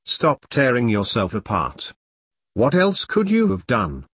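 A man reading a calm, gentle male handler. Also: mid-range voice, breathy edge, dry recording, studio quality, full character voice. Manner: gentle, measured, reassuring. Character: calm, affluent middle-aged male handler.

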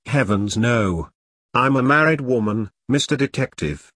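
A man's voice: mid-range voice, expressive, unhurried, fairly bright tone, dry recording. A man voicing a teasing, flirtatious married woman.

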